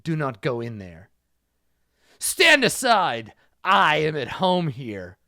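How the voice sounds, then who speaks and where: A man's voice: on the high side, huge pitch swings, slow pace, bright, forceful tone, no echo, clean studio sound, exaggerated voice. A man doing a barking thug with a put-on Spanish accent. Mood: hostile. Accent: attempted Spanish, slipping toward Italian. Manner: barking, contemptuous. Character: hostile male henchman in a suit.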